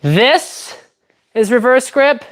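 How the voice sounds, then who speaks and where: A woman's voice: fairly high pitch, expressive, slow. A woman chatting casually on a livestream while training fencing, thinking aloud and explaining technique step by step. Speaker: fencer streaming her training.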